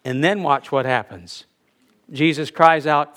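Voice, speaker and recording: A man with a high voice preaches to his congregation in a loose, conversational way. He leans on rhetorical questions and stops for emphasis between points. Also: a little slow, fairly bright tone. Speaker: pastor. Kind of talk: sermon.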